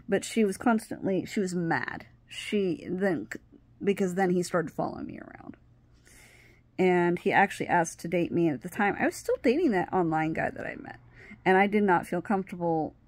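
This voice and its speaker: A woman's voice: lowish voice, no echo. A woman telling a personal story in a casual way, acting out what people said and often restarting her sentences. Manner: animated, acts out what people said. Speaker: vlogger.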